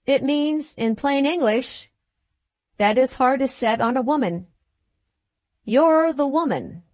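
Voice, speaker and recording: A woman reading the part of a blunt, plain-spoken gentleman farmer in an audiobook, with an earnest, emphatic manner. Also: high voice, lively intonation, takes it slowly, no echo, voice pushed up.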